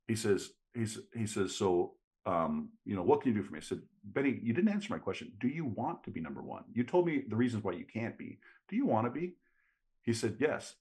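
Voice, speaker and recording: A man's voice: fairly low pitch, brisk. A man, a sales trainer telling stories as a guest in an interview. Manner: lively storyteller, quotes people in dialogue. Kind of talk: animated storytelling in an interview.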